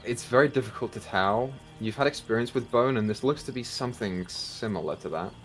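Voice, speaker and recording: A man narrating as dungeon master, measured and pausing with ums as he describes events. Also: mid-range voice, soft background music. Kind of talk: narrating a tabletop game.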